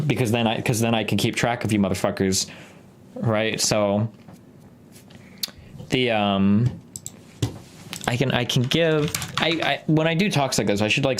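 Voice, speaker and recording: A young man streamer in a casual, rambling monologue, swearing often and restarting sentences as he talks fast. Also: mid-range voice. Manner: fast, profane, rambling with many fillers and restarts.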